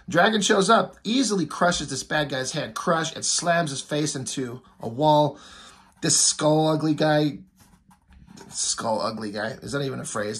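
Husky-voiced man rambling about comics. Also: fairly high pitch, a bit bright. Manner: rambling, filler-heavy. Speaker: comic book reviewer. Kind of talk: casual comic recap.

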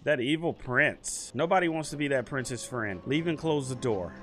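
A man's voice: mid-range voice, moderate pace. A young man giving casual let's-play commentary, reading game prompts aloud and yelping at the game. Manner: excitable, reads game prompts aloud, yelps and whines at the game. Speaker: gaming YouTuber. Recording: gameplay commentary over loud game music.

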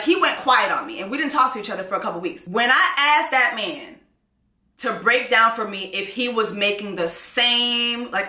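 Woman, vlog host, casual commentary, bright voice, acts out quotes, echoey room. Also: on the high side. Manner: animated storytelling, acts out quoted exchanges.

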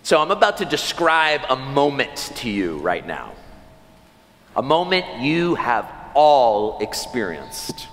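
A man's voice: mid-range voice, wildly swooping pitch, slow pace, fairly bright tone. A man in his thirties preaching a sermon as pastor into a church microphone, telling stories and acting out his children's voices. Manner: storytelling, acts out children's voices. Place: large church sanctuary. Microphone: church sound system mic. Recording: long church hall reverb.

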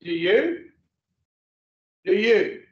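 Man preaching slow and blunt. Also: high voice, very animated. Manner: folksy, profane, asks the room questions. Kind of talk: blunt motivational talk to a group. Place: room with a small audience. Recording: roomy, distant, dull mic.

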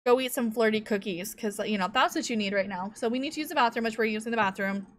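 A woman with a fairly high voice talks through a life-sim game in relaxed commentary. She thinks out loud and coos now and then to her cat at home. She speaks close to a desk microphone. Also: quick pace. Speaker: gameplay commentator. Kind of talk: casual gameplay commentary. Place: home room at a computer.

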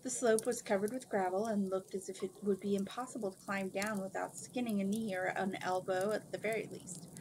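A woman's voice: mid-range voice, brisk, hardly any pauses. Woman reading a book aloud, mid voice, stumbles and fixes words, hissy noisy recording. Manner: steady reading with small stumbles and self-corrections. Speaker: book reader.

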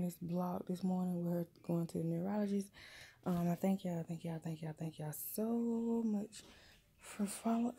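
A woman's voice: fairly low pitch, gravelly, dark tone. A mother, chatting casually to her viewers in a vlog and calling them y'all. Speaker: vlogger, mother. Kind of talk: casual vlog talk to camera. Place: in a car, then at home. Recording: noisy car and street background.

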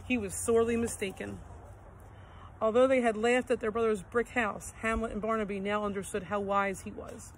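In a rough recording, a mid-pitched woman reads a children's story at an ordinary pace. Her manner is soft and expressive, and a low hum of outdoor noise sits behind her voice.

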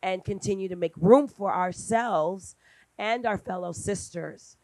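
A middle-aged woman speaking on a panel at a brunch event, talking in a lively conversational way and acting out quoted dialogue. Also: measured pace, no room sound. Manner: animated, acts out quoted dialogue with big pitch jumps.

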